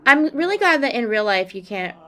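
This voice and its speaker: A woman's voice: fairly high pitch, brisk, a little hiss or hum. A woman casually narrating a life-sim game with playful, sarcastic jokes. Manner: gets loud and excited. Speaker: let's play creator.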